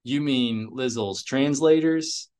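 Luke, a calm and thoughtful Jedi master, speaking in measured, even tones , as a man reading aloud plays him. He is slow and steady and never raises his voice. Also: medium pitch, clear, resonant tone, natural voice.

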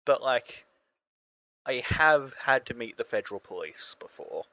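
A man's voice: medium pitch, very animated, a little slow, pushed and bright, no echo. Young aussie guy on a podcast mic, sarcastic jokey banter, dry close sound. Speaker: podcast co-host. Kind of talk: casual podcast chat.

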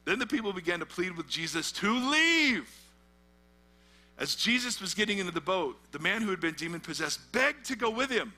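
A man's voice: high-pitched, big pitch swings, moderate pace, sharp tone. A middle-aged man, a pastor, preaching a conversational sermon and quizzing his listeners with fill-in questions. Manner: asks the audience fill-in questions, conversational and emphatic. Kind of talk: sermon, teaching through a Bible passage.

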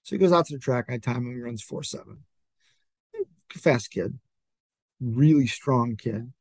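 A man's voice: medium pitch, a little slow, slightly rough, no echo. A man who trains athletes, telling stories in a casual podcast chat and acting out what other people said. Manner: animated, acts out other people's lines in quotes.

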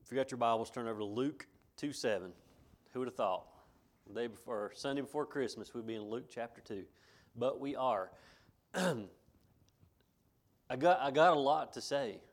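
A middle-aged man preaches to his church in a folksy, homespun way. He circles back over his phrases and chuckles between points. His voice sits at a medium pitch. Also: normal speed. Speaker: pastor. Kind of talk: sermon.

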